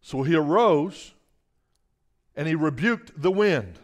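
Slow and fairly high-pitched, a man preaches with lively intonation, dropping into hushed asides, then erupting into emphatic bursts while urging the congregation to respond.

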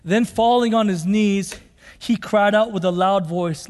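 A man preaching a sermon as pastor, passionate, rising to shouts when he quotes scripture. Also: sits high, a little slow. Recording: long hall reverb.

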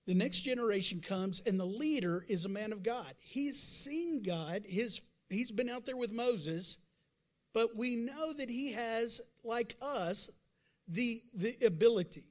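A male pastor preaching a sermon to his congregation, emphatic with sudden loud bursts, chatty, calling out to the room. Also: extremely high pitch, animated, a little slow. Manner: conversational, acts out doubters' voices.

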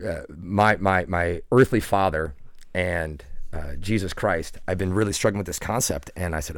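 A man in his forties speaks in a very low, deep voice, earnest and reflective as he tells a personal story on a podcast. He restarts often and leans on casual fillers. The sound is dry and close. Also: moderate pace, no echo. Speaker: podcast guest.

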